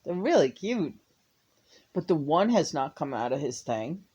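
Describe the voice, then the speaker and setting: A woman talking in a loose, casual vlogger monologue. She gets excitable fast, peppering her talk with swearing and bursts of laughter. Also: sits low, breathy edge, dull audio.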